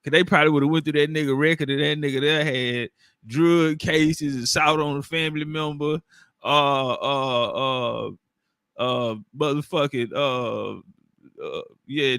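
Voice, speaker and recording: High bright-voiced man, rambling and profane. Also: steady tone, measured pace, clear, resonant tone, no room sound, clean studio sound. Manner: loose, rambling, laughing, street slang. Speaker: commentator. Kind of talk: casual profane commentary. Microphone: own microphone.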